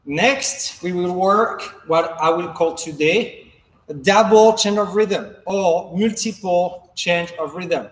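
A man fencing coach leading a follow-along footwork class, giving calm, measured instructions and counting out drills as he moves. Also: high voice. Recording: echoey hall reverb.

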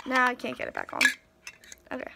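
A woman's voice: high voice, huge pitch swings, brisk, vocal fry, heavy background noise. A teenage girl chatting through a casual birthday haul vlog, gushing and bubbly, full of fillers and asides to herself. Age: teens. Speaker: vlogger.

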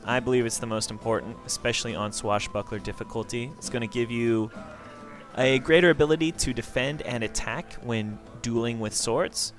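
A man giving casual, enthusiastic let's play commentary as he walks through a game. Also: medium pitch. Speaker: gameplay commentator.

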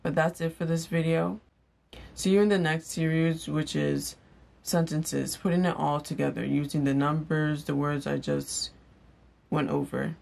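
A young woman giving a casual vlog language lesson, repeating each word slowly for learners. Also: low-pitched, fairly even intonation, vocal fry, a little mellow. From Igbo household in Nigeria. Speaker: language teacher. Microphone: on-camera mic.

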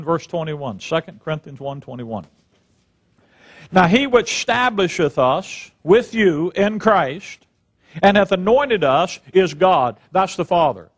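An older man teaching the Bible in a sermon, reading scripture slowly and with emphasis, then drifting into folksy personal stories. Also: high voice.

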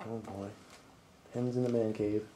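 A man's voice: fairly low pitch, fairly even intonation, a little slow, background noise. A man filming his pets at home and in the yard, talking to them in a playful, teasing, sing-song way through the camera's own mic. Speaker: pet owner filming his animals. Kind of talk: casual talk to pets behind the camera. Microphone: handheld camera mic.

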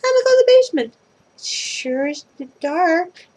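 Reading aloud, a woman voices a timid little girl, pitching very high above her own natural voice. The delivery is very animated and a little mellow, at a moderate pace.

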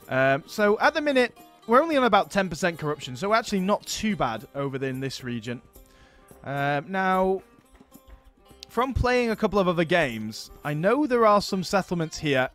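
Excitable man with a lively voice. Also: a little high. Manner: chatty, excitable, thinking aloud. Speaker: let's play host. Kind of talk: casual gameplay commentary.

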